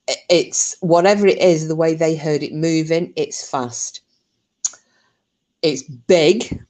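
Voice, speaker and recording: A woman's voice: sits low, a little mellow. A woman hosting her channel, casually retelling a true story, chatty, swearing freely and laughing often.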